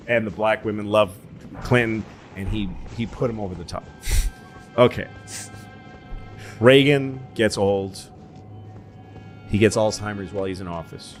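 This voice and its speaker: Low-voiced man telling rambling stories. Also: normal speed, faint music behind. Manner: rambling, profane, jumps into impressions. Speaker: podcast co-host. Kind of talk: casual storytelling chat.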